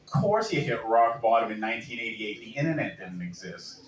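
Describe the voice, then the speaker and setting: A man's voice: medium pitch, a little fast. Boston man doing loose stand-up crowd work. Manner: loose, crowd-work banter, laughs between jokes. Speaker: stand-up comedian. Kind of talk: stand-up comedy set. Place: bar or small venue with live crowd. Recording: echoey room, distant mic, faint noise.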